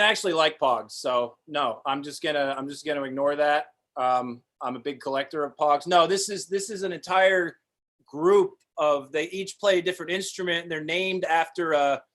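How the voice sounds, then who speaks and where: A man's voice: fairly high pitch, moderate pace, a bit bright, natural voice. A man playing an exasperated customer who rambles while trying to return a purchase, in an improvised comedy scene over a video call. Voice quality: rambling, flustered delivery.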